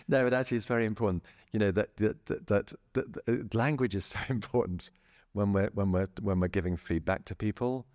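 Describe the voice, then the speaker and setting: A middle-aged man speaking as a therapist guest in a relaxed interview, chatty, laughing often and restarting his sentences. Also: fairly low pitch, fairly quick, no echo, clean studio sound. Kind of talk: casual interview talk.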